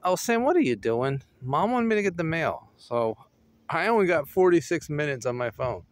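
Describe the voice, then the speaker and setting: A man's voice: on the high side, very animated, moderate pace. A man casually rambling through a story with fillers and chuckles, recorded outdoors on a phone. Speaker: vlogger. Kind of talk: casual chat. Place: outdoors at home while walking a dog.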